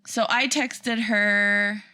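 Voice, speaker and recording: A woman's voice: mid-range voice, dry recording, studio quality. A woman in her thirties, a podcast co-host, telling a funny family story in casual chat and acting out what people said. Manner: animated storyteller, acts out quotes with laughter.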